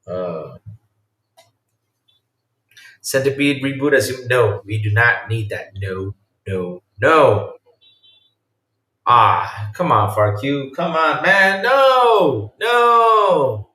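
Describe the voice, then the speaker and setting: Here a male podcaster talks slowly and pauses often while casually reacting to comments on his livestream. Rambling and excitable, he alternates soft mumbles with loud outbursts, and the faraway microphone makes the audio sound roomy.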